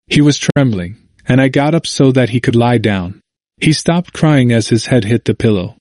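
A man's voice: mid-range voice, lively intonation, a little mellow, dry recording, clean studio sound. Man reading a first-person memoir. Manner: measured, reflective reading. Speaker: audiobook narrator.

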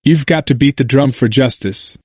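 A man voicing an intense, earnest man in his seventies with a hoarse voice and an emphatic manner, in a dry recording. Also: on the high side, moderate pace, no echo, voice pushed up, natural voice. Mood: impassioned. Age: 70s. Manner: forceful and emphatic, then near-whispered.

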